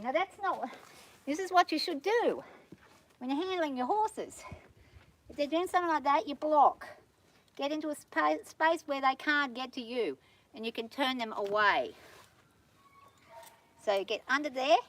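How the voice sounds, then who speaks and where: A woman handling a horse on a farm who talks calmly and patiently, coaxing the animal softly and explaining each step to viewers. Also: sits high, moderate pace, pauses often, a little hiss or hum. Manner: calm and patient, coaxing the horse in a soft praising voice; explains steps plainly to viewers while working. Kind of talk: hands-on training commentary. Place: outdoors on a farm.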